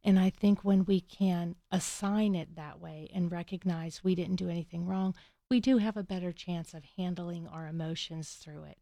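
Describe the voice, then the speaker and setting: Soft-spoken woman with a low, gravelly voice. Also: steady tone, no room sound, studio quality. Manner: gentle, measured, soft-spoken. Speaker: co-host. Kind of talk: calm Christian advice.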